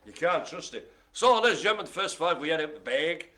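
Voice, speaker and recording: Lively, bright-voiced man hosting bingo. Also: fairly high pitch, fast talker. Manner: jokey, punning, chatty. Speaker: bingo host. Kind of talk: live streamed game hosting.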